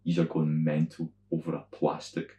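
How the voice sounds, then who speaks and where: In a roomy, muffled recording, a young Scottish podcast co-host chats casually at a moderate pace. He tells stories with lots of energy, mimicking others in loud high voices, and swears freely throughout.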